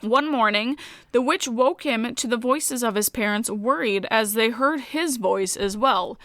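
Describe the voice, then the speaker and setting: Woman podcast cohost telling a ghost story off her notes, kinda high voice, dry close mic. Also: unhurried, fairly bright tone, dry recording. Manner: reads the story from notes with fillers and casual swearing. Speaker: podcast co-host. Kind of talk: casual chat, retelling a folklore story.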